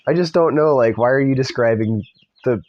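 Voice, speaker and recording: A man's voice: mid-range voice, brisk, lo-fi sound. A middle-aged man reading a book aloud and breaking off into mocking, exasperated asides. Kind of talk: read-aloud with sarcastic commentary.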